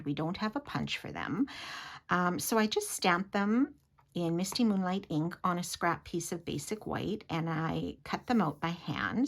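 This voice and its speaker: A husky woman with a gravelly edge talks through a craft tutorial in a chatty, giggly way. Her voice sits low but moves around a lot, and she drops to a whisper as she works. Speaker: papercraft demonstrator.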